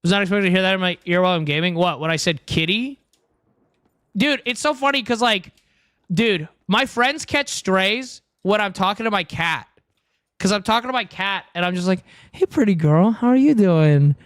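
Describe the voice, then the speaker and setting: Close on a headset mic in his home room, a young man casually chats while livestreaming a game, cracking crude jokes and repeating "dude." His voice sits high at normal speed, sharp-toned yet smooth, with no echo.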